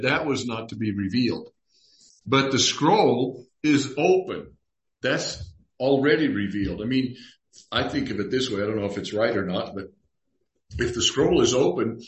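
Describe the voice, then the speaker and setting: A man pastor teaching a Bible study in a conversational way, reading scripture aloud and acting out the dialogue. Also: mid-range voice. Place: church room. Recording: roomy echo.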